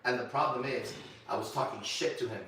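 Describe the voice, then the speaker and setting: A man tells a story to a small gathering in a profane, animated way, now and then breaking into shouts. His voice is bright and edgy. He sits back from the mic in a very echoey room. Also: mid-range voice, fairly quick, distant mic, slight background noise. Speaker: ministry leader.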